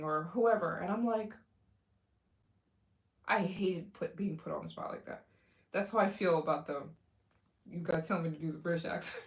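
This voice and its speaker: A woman's voice: lowish voice, lively intonation, normal speed, pauses often. A young adult woman hosting a casual livestream, chatting with viewers in a rambling way with many fillers and restarts. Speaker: livestream host.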